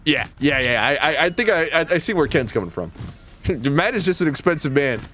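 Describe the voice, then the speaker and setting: Guy on a gaming stream, kinda high voice, teasing and giggly, light hiss behind. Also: big pitch swings, fairly quick, bright, forceful tone. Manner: teasing, laughs easily. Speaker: co-host. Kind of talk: casual gaming chat.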